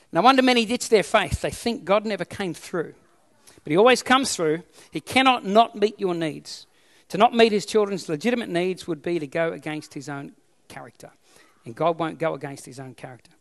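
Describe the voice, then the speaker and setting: A man's voice: fairly high pitch, big-room sound. An Australian man preaching a sermon as pastor, emphatic and repeating his key phrases.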